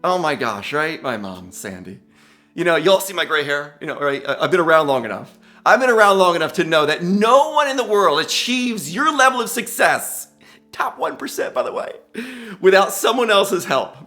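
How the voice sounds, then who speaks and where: Middle-aged man, motivational speech, exuberant and gushing, lively swooping pitch, bright voice, faint music behind. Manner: exuberant, gushing, keeps exclaiming and addressing listeners as guys. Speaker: commencement speaker.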